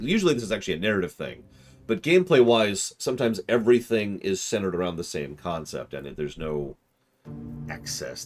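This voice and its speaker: A man streaming a game and chatting with his viewers, rambling as he works through puzzles aloud. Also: on the low side. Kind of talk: casual livestream commentary.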